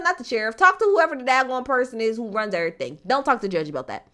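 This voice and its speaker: A woman's voice: high voice, big pitch swings, fast, pushed and bright. A young woman giving blunt, exasperated commentary in casual talk, swearing heavily. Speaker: commentator reacting to a court case.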